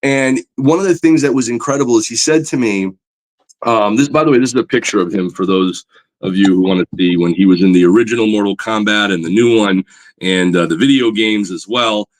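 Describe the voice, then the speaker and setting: A man's voice: fairly low pitch, a little fast. Enthusiastic man telling stories. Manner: enthusiastic, animated, many fillers. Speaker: guest, comic book artist. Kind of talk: casual interview storytelling.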